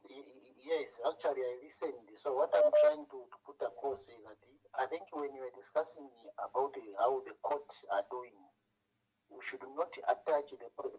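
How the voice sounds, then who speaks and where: A man's voice: mid-range voice, big pitch swings, normal speed, a little mellow. A man from Southern Province, Zambia, with a Zambian accent, calling a talk show and stammering politely as he objects. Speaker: caller. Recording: tinny phone line on radio.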